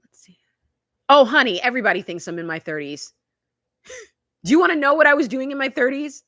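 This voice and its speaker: A woman's voice: high voice, lively intonation, brisk, pushed and bright, no room sound, studio quality. A woman in her fifties hosting a casual live-stream chat, telling stories in a confiding, chatty way and laughing often. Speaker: YouTube channel host.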